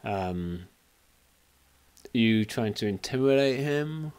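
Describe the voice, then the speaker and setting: A man's voice: medium pitch, lively intonation, takes it slowly, darkish tone, clear, resonant tone. A man narrating as game master of a tabletop game, hedging with "kind of, like". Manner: hesitant, many "kind of, like" fillers.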